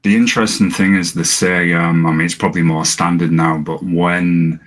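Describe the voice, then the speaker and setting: A man's voice: low-pitched, flat delivery, moderate pace. A man co-hosting a casual film-review chat, easygoing and sharing trivia. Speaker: podcast co-host.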